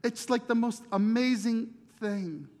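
A middle-aged male pastor preaches in a loose, chatty way, doubling back on words as he tells his story. His voice sits high for a man. It rings out with the long reverb of a large hall. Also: measured pace, darkish tone. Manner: conversational, repeats words while searching for them, laughs at himself. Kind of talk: storytelling sermon.

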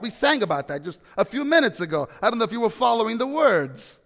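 A man preaching a sermon as pastor, swinging between loud proclamations and hushed storytelling. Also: sits high, sing-song, fast talker, few pauses. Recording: long hall reverb.

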